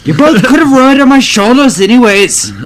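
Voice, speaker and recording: Man doing a pious warrior, eager, grandiose, tabletop game, high voice. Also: animated, moderate pace, a little hiss or hum. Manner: grandiose, formal phrasing.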